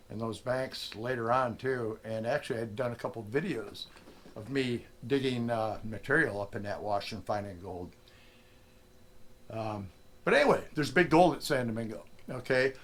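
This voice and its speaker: Acting out the quotes of the people involved, this middle-aged man, a prospecting vlogger, tells an animated story in a casual way. He talks at normal speed in a mid-range voice.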